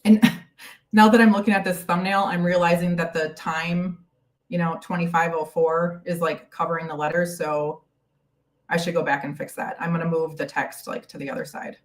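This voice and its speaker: A woman's voice: on the low side, level tone, normal speed, far from the mic. A woman hosting a casual live stream Q&A from home, chatty and bubbly as she greets viewers by name, a little out of breath. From United States. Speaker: YouTube host.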